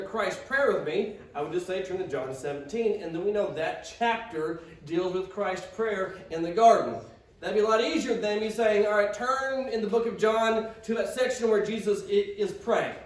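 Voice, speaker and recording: High-voiced male pastor, casual sermon delivery with restarts; off-mic in a reverberant room. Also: far from the mic. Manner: conversational, stammering restarts, acts out quotes. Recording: roomy sound from off-mic.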